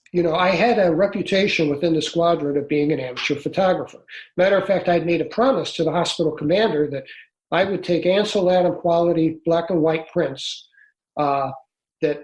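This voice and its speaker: An older man in his sixties tells his story as an interview guest. He speaks earnestly and haltingly and often restarts, in a slightly raised voice. A roomy echo surrounds him. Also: on the high side. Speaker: guest, author.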